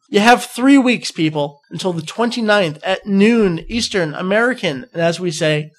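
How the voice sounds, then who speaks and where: A young man from New Jersey hosting a casual podcast, talking in an excitable, rambling, jokey way. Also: sits high, moderate pace, few pauses. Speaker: podcast host.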